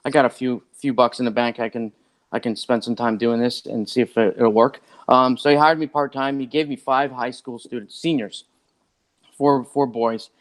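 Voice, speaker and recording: A man who is a podcast guest, telling a long story in a rambling, animated way and acting out what other people said. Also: mid-range voice, normal speed. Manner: rambling and animated, acts out others' lines, many "like" fillers. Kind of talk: casual storytelling.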